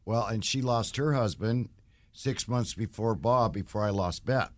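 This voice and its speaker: A man's voice: on the low side, a little slow. Rambling man talking about his faith. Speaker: guest, bounty hunter. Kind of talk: casual interview talk.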